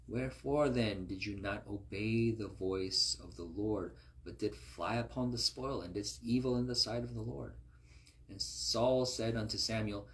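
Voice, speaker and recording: A man reading scripture aloud and explaining it in a conversational way, often checking in with his listeners. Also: fairly low pitch. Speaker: Bible teacher.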